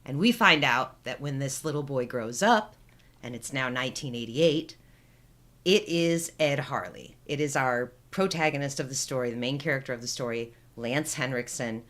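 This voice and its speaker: Low-voiced woman in her forties. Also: moderate pace, a bit bright. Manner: chatty storytelling, retelling film scenes. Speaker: podcast co-host. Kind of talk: casual chat.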